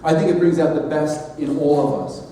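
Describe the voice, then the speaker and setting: A middle-aged man delivers an earnest, measured sermon-style address, leaning on emphatic pauses. His voice is mellow and somewhat high for a man. He is picked up from a distance in a large, echoey hall with long reverb and a faint hiss. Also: steady tone. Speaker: society leader giving a platform address.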